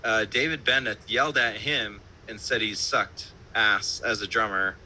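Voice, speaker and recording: A man's voice: on the low side, fairly even intonation, measured pace, sharp tone, slight background noise, rough recording. A man, a band musician, telling stories in a casual interview over a live-stream call, loose and profane, full of fillers and laughter. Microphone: remote live-stream call.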